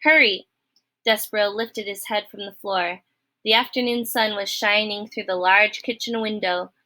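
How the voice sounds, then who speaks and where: Bright-voiced woman reading a story aloud. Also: medium pitch, normal speed. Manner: expressive, friendly, addresses the reader. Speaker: storybook reader. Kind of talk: reading a novel aloud to children.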